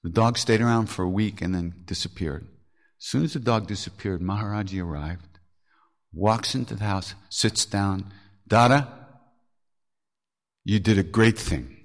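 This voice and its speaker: A man's voice: lowish voice, normal speed. An older man hosting a podcast, telling spiritual stories candidly, laughing often and swearing casually. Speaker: podcast host. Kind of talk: reflective spiritual storytelling.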